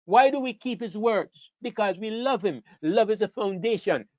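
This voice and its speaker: Speaking at normal speed in a high-pitched, darkish voice, a man delivers a sermon lecture. He is emphatic and repetitive, posing questions and answering them himself. The recording is dull, lo-fi and dry, with no room sound.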